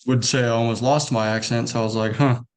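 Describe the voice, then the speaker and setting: A man with a mild, partly softened Southern US accent, talking fast and politely in a casual video call. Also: medium pitch, flat delivery, smooth. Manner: talks fast, friendly and polite.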